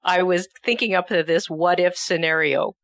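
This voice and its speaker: A woman host with a lowish voice talks in a chatty, personal way. The sound is dry and close, with no room echo. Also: steady tone, moderate pace, a bit bright. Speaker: talk show host. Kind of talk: casual talk show chat.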